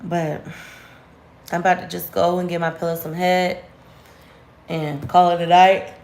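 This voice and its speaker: A woman's voice: lowish voice, a little slow, gravelly. Candid woman venting in an echoey room. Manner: candid, animated, slangy, rising sharply when venting. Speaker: vlogger. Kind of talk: casual storytime chat to camera.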